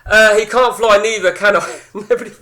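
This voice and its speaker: A man's voice: sits high, moderate pace, sharp tone. A man chatting casually to his stream viewers at home, rambling, blunt and swearing a lot. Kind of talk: casual live-stream banter. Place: indoors at home.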